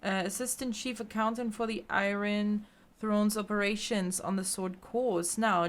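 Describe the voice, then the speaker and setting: A woman's voice: medium pitch, natural voice. A woman voicing a fussy male accountant clerk in a fantasy game, formal and bureaucratic.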